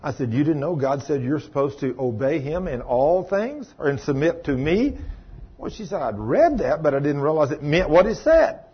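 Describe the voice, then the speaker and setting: A man's voice: on the high side, big pitch swings, moderate pace, breathy edge. A man preaching a sermon, emphatic, rising and dropping his voice for stress as he tells a story. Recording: dull lo-fi recording.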